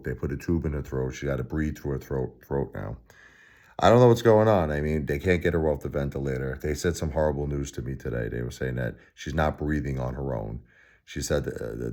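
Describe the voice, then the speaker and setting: A man's voice: a bass voice, a little mellow. A man in his forties from Brooklyn with a Brooklyn accent, talking bluntly and from the heart in a late-night vlog, repeating phrases and laughing wryly. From Brooklyn, New York. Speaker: vlogger.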